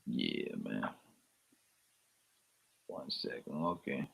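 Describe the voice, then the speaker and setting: Bright-voiced man chatting on a livestream. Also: very deep voice, very animated, drawn-out words, creaky, breathy edge. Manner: loose slangy banter, calls everyone "man", playful teasing. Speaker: livestream host. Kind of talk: casual livestream chat, reading viewer names.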